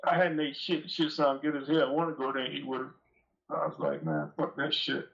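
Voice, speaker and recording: A man calls into a show and tells a long, rambling, profane story with an aggrieved edge. His voice sits a little high for a man. The call audio is dull and lo-fi. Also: fairly even intonation, quick pace, creaky, fairly bright tone. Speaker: call-in guest. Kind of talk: casual storytelling. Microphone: phone call.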